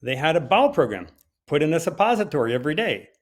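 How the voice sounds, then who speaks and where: An older man, a physician, telling a personal story at a conference talk in a lively, conversational way with the odd filler. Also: on the high side, fast. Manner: hesitant with fillers at times.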